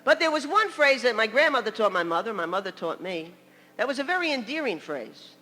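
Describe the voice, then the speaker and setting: A woman's voice: a little high, very animated, a little fast, sharp tone, long reverb tail, a little hiss or hum. An older woman from New York preaching a sermon as a story, chatty, with laughing asides and many "you know"s.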